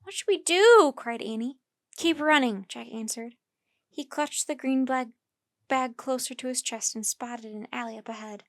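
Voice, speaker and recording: A woman reading a children's chapter book aloud as a storyteller, breaking into loud, high shouts for the characters' cries. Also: steady tone, normal speed, dry recording, studio quality.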